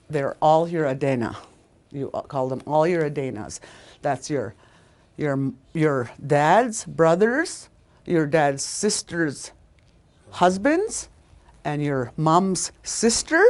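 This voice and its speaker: A woman's voice: low voice, darkish tone. A woman teaching a language lesson, repeating each word several times and correcting herself as she goes.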